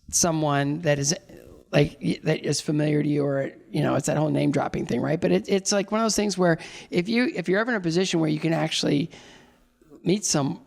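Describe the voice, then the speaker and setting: Older male guest, gravelly, energetic rambling storyteller for a chat show. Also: a little high. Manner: animated storyteller, rambling restarts. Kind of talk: casual chat.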